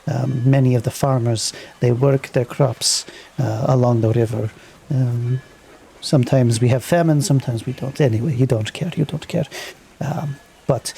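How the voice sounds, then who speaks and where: A man puts on a many-eyed merchant for a tabletop game, haggling in a put-on foreign accent. The voice is gravelly and husky, with a dark, mellow tone, and he hesitates and circles around his words. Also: medium pitch. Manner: hesitant, hand-wringing haggler, full of fillers. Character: wary, haggling male merchant with many eyes.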